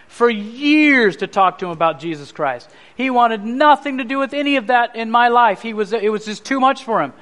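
High-voiced man preaching his testimony. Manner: animated storytelling, acting out the voices of people in his story. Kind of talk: sermon testimony storytelling.

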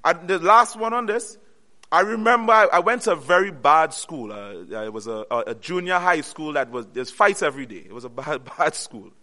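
A man preaching a sermon, earnestly repeating key phrases and pausing on "what?" to let listeners finish the line. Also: a little high, pushed and bright. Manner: call-and-response, pausing on "what?" for the audience to finish.

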